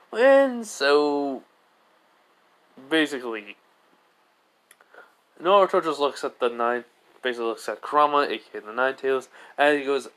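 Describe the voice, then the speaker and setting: Man, rambling fan story narration, filler-heavy, medium pitch. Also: expressive, a little slow, long pauses, a bit bright. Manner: rambling, many "basically" and "he goes".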